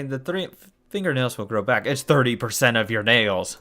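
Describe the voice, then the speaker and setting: A man's voice: mid-range voice, lively intonation, normal speed, bright, forceful tone, soft background music. A man reading a visual novel aloud as a let's play host, breaking off into shocked cursing and groans. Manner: shocked cursing and groaning between read lines.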